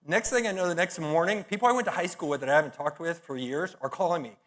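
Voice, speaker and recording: Energetic middle-aged man giving a talk. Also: on the high side, fast talker, few pauses. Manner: punchy storytelling with blunt, profane humor. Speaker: conference speaker.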